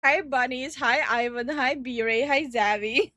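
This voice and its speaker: Young woman streamer, giggly chat host, unhurried delivery. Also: high voice, sharp tone, dry recording, clean studio sound. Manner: giggly, greets chat viewers. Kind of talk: casual livestream chat. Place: home streaming room.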